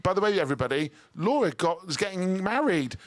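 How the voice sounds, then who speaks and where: A man's voice: high voice, very animated, fast talker, crowd noise. A man hosting live radio from a studio, upbeat and teasing with his guests. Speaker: radio host.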